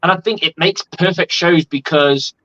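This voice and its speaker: A man co-hosting a casual sports chat, talking in an animated, profane way and laughing often. His voice is bright and sits a little high, coming through a dull, lo-fi remote mic. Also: normal speed. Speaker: podcast co-host.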